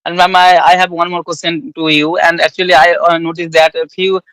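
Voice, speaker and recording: A man's voice: on the high side, little pitch movement, fairly quick, a bit bright, smooth, no room sound, low-quality recording. A man with an Indian accent interviewing a guest in casual English practice, hesitant with many fillers and restarts.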